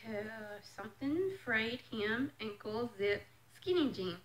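A woman vlogging as she unboxes a clothing subscription box, chatting casually and gushing with excitement. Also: fairly high pitch, slow pace, a little hiss or hum, poor audio.

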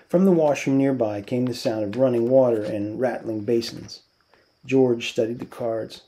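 Gravelly male reader of a novel. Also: medium pitch, steady tone, normal speed, dark tone. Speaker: teacher reading a novel aloud. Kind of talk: reading a novel aloud.

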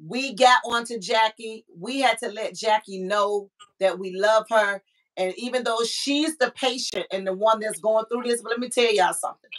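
Emotional, animated woman talk-show host. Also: on the high side, moderate pace, poor audio. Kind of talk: live online talk show.

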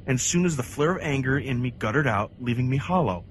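A man reading a horror story aloud in an intense, dramatic way that swings from hushed to near-shouting. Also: medium pitch, lively intonation, brisk, hardly any pauses, faint music behind. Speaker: creepypasta narrator.

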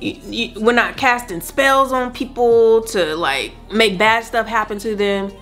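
A woman's voice: fairly high pitch, unhurried, fairly bright tone, faint music behind. A woman vlogger chatting casually with her viewers while doing her makeup at home, talking in a rambling, direct way. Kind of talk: casual get-ready-with-me chat.

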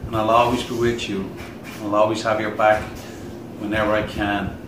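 Tender guy giving a soft loving congrats message, flat voice, echoey room, mic far off. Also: on the low side, moderate pace, noisy background. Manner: tender, grows soft and quiet. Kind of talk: recorded video message.

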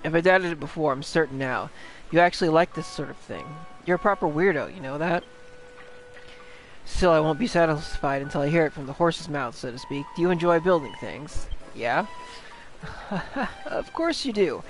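A man's voice: a little high, animated, normal speed, soft background music, poor audio. A man voicing a rowdy, bossy male skeleton pirate sailor in a put-on British pirate accent, reading game dialogue aloud. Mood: teasing. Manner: gruff, rough sailor slang, teasing threats.

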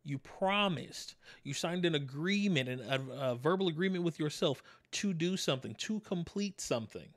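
A man's voice: a little high, lively intonation, normal speed, few pauses, fairly bright tone. A man hosting a motivational video, talking straight to his viewers, firing rhetorical questions at them and repeating key words for emphasis. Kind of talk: motivational talk to camera.

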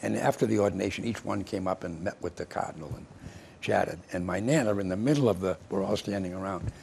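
Older male host, low and gravelly, chatty, meandering storyteller. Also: fast talker, darkish tone, a little hiss or hum. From Massachusetts, US. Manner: rambling storyteller, many restarts. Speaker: TV show host. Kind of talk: casual interview chat. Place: local cable TV studio.

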